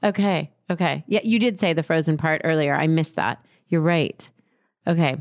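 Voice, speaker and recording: A woman's voice: sits low, normal speed. A woman hosting an interview, asking questions and giving frequent affirming responses. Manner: encouraging, frequent affirmations and laughs. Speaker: podcast host. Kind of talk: casual interview.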